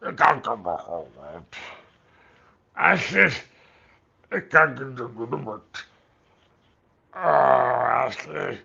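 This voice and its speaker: A man putting on a high-pitched, cursing voice of an abrasive older man. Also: vocal fry, sharp tone, husky, lo-fi sound, heavily acted.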